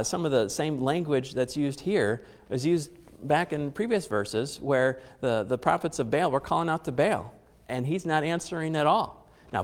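A man's voice: mid-range voice, in a large hall. A man preaching a conversational sermon, repeating phrases for emphasis and chuckling now and then.

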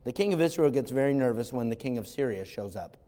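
A man preaching a sermon as an animated storyteller who acts out voices and adds wry asides, recorded in a church sanctuary. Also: medium pitch, quick pace. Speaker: pastor. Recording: long hall reverb.

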